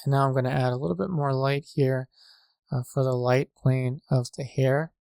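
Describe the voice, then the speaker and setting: A man with a gravelly, low-key voice walks through a painting demonstration. His delivery stays flat and measured, with small pauses and fillers as he works. The sound is dry and close, with no room around it. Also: no room sound. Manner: calm, measured, with frequent fillers. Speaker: painting instructor. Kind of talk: tutorial narration. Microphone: desk microphone.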